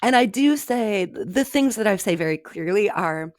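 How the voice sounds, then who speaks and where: A woman's voice: medium pitch, expressive, normal speed, no echo, studio quality. A woman co-hosting a podcast in casual chat, telling stories with frequent giggles. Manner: giggly, self-amused storytelling. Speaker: podcast co-host.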